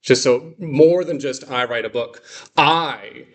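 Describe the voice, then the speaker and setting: In a classroom lesson, a patient male Greek teacher with a mid-range voice takes things slowly. He explains with examples and reads Greek aloud.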